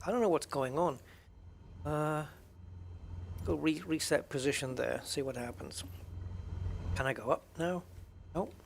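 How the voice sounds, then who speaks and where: A man's voice: a little high, a little slow, gravelly, pauses often, a little hiss or hum. A man giving casual, rambling commentary while playing a flight simulator. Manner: rambling, chatty, with restarts and asides. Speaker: flight sim streamer. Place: home gaming setup.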